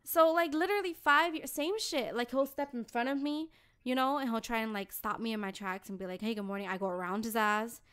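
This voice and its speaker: A young woman co-hosting a podcast, telling a story in a blunt, animated, profane way. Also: fairly high pitch, fairly quick, clean tone. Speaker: podcast co-host. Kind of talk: casual podcast chat.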